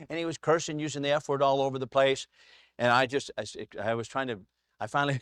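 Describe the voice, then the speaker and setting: A man's voice: mid-range voice, fast, a bit bright, clear, resonant tone, no room sound, studio quality. A man teaching a casual Bible class to a small group in a church classroom, chatty and anecdotal, chuckling often.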